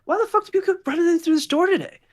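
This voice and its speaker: Man putting on a raised, swearing hospital worker, high and loud. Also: rapid-fire. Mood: furious. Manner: shouting, swearing. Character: angry, foul-mouthed male hospital worker.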